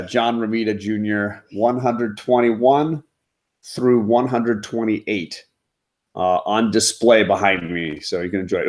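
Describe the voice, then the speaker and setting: A man hosting a casual comics livestream from home, rambling with lots of fillers. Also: lowish voice. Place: home, in front of a comic display.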